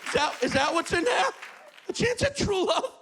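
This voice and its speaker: A comedian playing an old retired New Yorker who rants loudly about rent. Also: male voice, very high voice, very animated, measured pace, vocal fry, heavy background noise, exaggerated voice. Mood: outraged. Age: older. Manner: shouting, outraged ranting. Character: old-timey retired male New Yorker, loud and indignant. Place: apartment with live audience. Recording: live apartment crowd. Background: small audience laughing.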